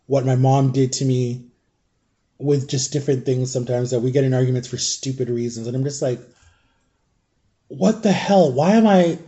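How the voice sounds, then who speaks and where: A middle-aged man chatting in a casual storytime vlog, rambling along and clearing his throat often. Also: mid-range voice, dark tone. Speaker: vlogger.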